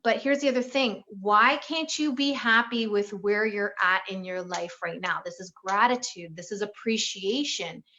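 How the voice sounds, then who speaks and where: A woman relationship coach talking in an interview, animated and acting out the voices of people she quotes. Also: mid-range voice, normal speed, few pauses, highs cut off. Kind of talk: conversational interview.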